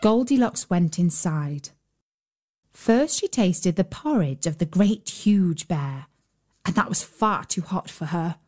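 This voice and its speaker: A woman narrating a children's fairy tale in a gentle, measured storytelling voice. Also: fairly low pitch, lively intonation. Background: faint fiddle music.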